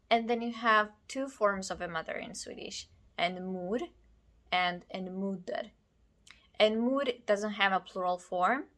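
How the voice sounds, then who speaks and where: A woman teaching a language lesson, explaining grammar rules in a clear, deliberate way. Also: medium pitch, sharp tone. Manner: clear, deliberate, spelling out endings. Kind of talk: slow scripted lesson.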